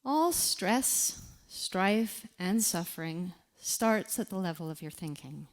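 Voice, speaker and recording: A woman giving a reflective talk on grief, speaking deliberately and guiding listeners through a quiet exercise with pauses. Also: lowish voice, animated. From Canada.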